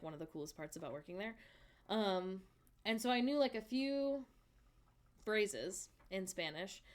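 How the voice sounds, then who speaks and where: A woman in her thirties, chatting casually as a streamer and answering her viewers' messages. She talks in a loose, chatty way and laughs often. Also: medium pitch.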